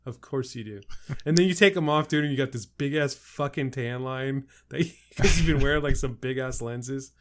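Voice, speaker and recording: A man's voice: mid-range voice, moderate pace, slight background noise. A man co-hosting a podcast, laid-back and casual, swearing and laughing often. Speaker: podcast co-host. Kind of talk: casual chat.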